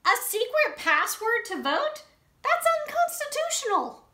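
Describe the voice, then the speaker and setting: A woman's voice: very high voice, very animated, unhurried, pushed and bright, voice pushed up, heavily acted. A woman doing an indignant, exasperated hen. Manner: protesting, exasperated. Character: indignant principled young hen. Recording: roomy echo.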